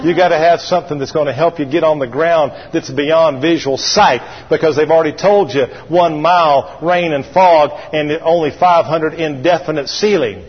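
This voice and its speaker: A man preaches in a somewhat high, husky voice, spinning a folksy story and calling for his congregation to answer him. The sound is dull, with a long reverb from a large church hall. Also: moderate pace, few pauses. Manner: call-and-response with congregation. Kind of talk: sermon. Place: church sanctuary.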